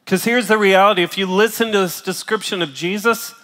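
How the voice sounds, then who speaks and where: A middle-aged male pastor preaching a sermon while in pain, speaking emphatically and pausing to cough and clear his throat. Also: high voice, steady tone. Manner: emphatic, rising to loud bursts, coughing and clearing throat between phrases. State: in pain, voice strained. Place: large church auditorium. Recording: large hall reverb.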